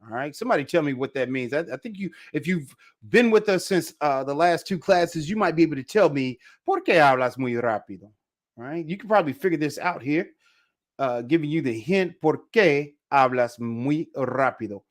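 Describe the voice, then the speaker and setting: A man teaching a casual live online Spanish lesson, repeating phrases slowly for pronunciation. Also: fairly high pitch, animated.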